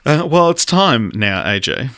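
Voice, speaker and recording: A man hosting a podcast in casual film chat, easygoing and thoughtful, with "um" pauses. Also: mid-range voice, sing-song, bright, forceful tone, dry recording, studio quality. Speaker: podcast host.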